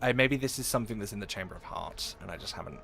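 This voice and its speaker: British guy streaming, chats w chat, jokey, lively up and down voice, faint room hum. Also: fairly low pitch, quick pace, vocal fry. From England. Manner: chatty, jokey, reads and answers chat. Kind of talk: casual live-stream chat while gaming.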